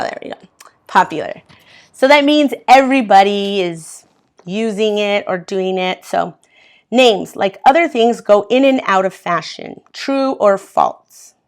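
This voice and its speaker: A woman from Mexico teaching an English as a second language class, reading from a textbook and patiently explaining words step by step. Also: medium pitch.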